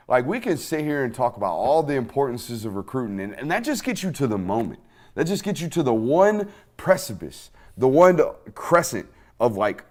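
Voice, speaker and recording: A man hosting a sports podcast, telling stories in an animated, profane, casual way. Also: mid-range voice.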